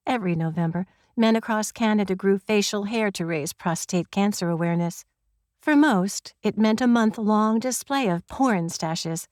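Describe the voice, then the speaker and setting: A woman's voice: mid-range voice, moderate pace, a little mellow, no echo. A woman reading a first-person crime audiobook in a wry, conversational storytelling manner, close to the mic. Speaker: audiobook narrator.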